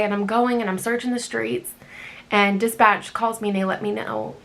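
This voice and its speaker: A woman, an emergency medical worker, casually retelling a night shift with many ums and animated delivery. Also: fairly high pitch, normal speed, gravelly. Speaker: EMT telling a work story. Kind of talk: casual storytelling.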